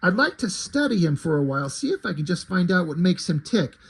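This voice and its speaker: A man playing a folksy old grandfather, a backwoods vet, rambling in a drawl and putting himself down. The voice is husky and sits fairly high for a man. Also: sing-song, brisk, fairly bright tone, full character voice. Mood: musing.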